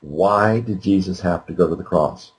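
A man's voice: sits low, moderate pace, poor audio. An older man, a guest speaker, answering interview questions in an earnest, emphatic way. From United States.

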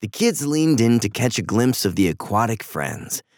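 A man narrating a children's storybook with an expressive, varied delivery. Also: medium pitch, moderate pace, dry recording, studio quality.

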